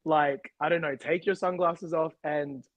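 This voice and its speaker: An Australian man in his thirties, co-hosting a podcast, chats casually in a fairly high voice at a slightly slow pace. He giggles a lot and breaks into animated, energetic rants. The audio is poor but has no echo.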